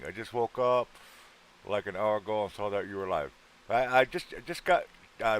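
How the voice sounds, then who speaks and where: A man's voice: sits low, normal speed, fairly bright tone. A man hosting a casual livestream, chatting loosely with viewers, greeting them by name and joking around, his voice a little worn. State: voice worn out from an earlier show. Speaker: livestream host.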